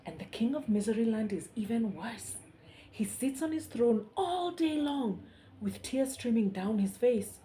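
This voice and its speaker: A woman reading a story aloud to young children, soft and hushed, pausing to ask the listeners questions. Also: on the high side, expressive, a little hiss or hum.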